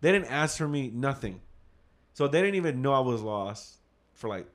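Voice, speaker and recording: A father co-hosting a show chats casually in a medium-pitched, expressive voice at normal speed. He rambles through a long story, acting out his own past thoughts with plenty of "I was like," and swears now and then.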